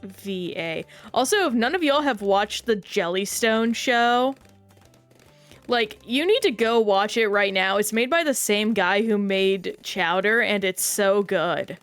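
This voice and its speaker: A woman's voice: mid-range voice, lively intonation, unhurried, fairly bright tone, soft background music. A woman streaming a game, chatting casually and rambling while reacting to play and chat.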